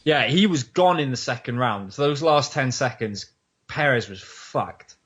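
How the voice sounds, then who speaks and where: A man's voice: mid-range voice, expressive, a little slow, background noise. A man co-hosting a casual podcast chat, laid-back and sweary. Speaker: podcast co-host.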